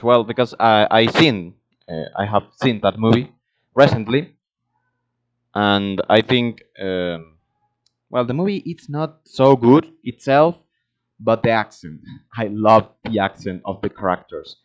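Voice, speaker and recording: Low-voiced guy, halting english learner chat, kinda dull lo-fi sound. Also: clear, resonant tone. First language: Spanish. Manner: halting, hesitant, searching for words. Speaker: language learner vlogger. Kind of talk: casual monologue practicing English. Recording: dull lo-fi recording.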